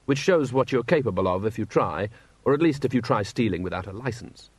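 A man reading a story aloud in a wry, steady narrating voice, acting out the characters. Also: mid-range voice, fairly quick, slightly rough, no echo. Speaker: audiobook narrator. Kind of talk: scripted narration.

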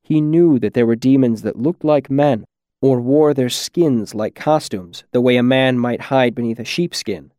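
A man reads a fable aloud at a measured, steady pace. His voice sits mid-range and the recording is close and completely dry, with no room sound. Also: mid-range voice, dry recording. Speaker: narrator. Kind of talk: storybook narration.

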